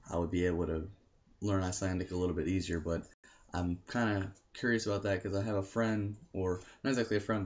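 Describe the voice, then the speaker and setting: A young American man with a low voice rambles casually to camera and keeps correcting himself with lots of fillers. The sound is dull and lo-fi, like a basic home recording. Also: darkish tone. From United States. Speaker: language learning vlogger.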